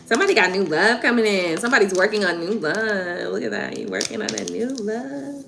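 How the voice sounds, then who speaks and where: A woman reading tarot on a livestream, chatting casually and warmly with viewers, laughing and getting emotional. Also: mid-range voice, brisk, gravelly, background noise. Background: soft background music.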